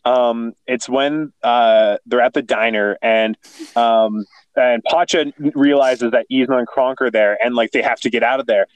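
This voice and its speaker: Brief: easygoing man co-host, mid-pitched, giggly rambling talk, dry close sound. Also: steady tone, unhurried, clear, resonant tone, no echo, poor audio. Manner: giggly, loose storytelling with many fillers. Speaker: podcast co-host. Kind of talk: casual chat about a film.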